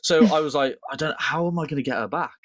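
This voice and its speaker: A man's voice: on the high side, fast, no echo, clean studio sound. A young man chatting casually on a podcast, telling stories animatedly, acting out the quotes and swearing a lot. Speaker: podcast co-host. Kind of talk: casual chat.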